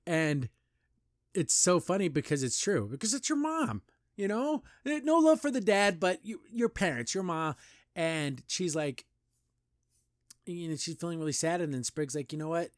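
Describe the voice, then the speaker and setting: A man hosting a cartoon review show, chatting casually and enthusiastically, rambling with lots of "like" and "you know" and jumping up in pitch when he praises a scene. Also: big pitch swings, normal speed, dry recording, clean studio sound.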